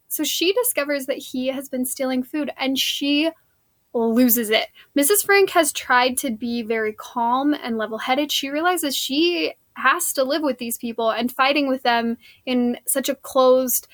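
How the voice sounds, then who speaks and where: A woman's voice: high voice, unhurried, fairly bright tone. A woman teacher giving a casual, chatty recap of a play scene, filling her talk with "like" and "um.". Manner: chatty, lots of "like" and "um". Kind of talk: casual spoken lesson recap.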